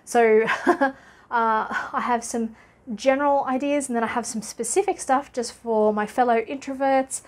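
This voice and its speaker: A woman's voice: on the high side, fairly even intonation, a little slow. A woman from Australia with an Australian accent, talking to camera as a business coach in a chatty, upbeat way, laughing often and filling gaps with "uh". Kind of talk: casual talking-head vlog.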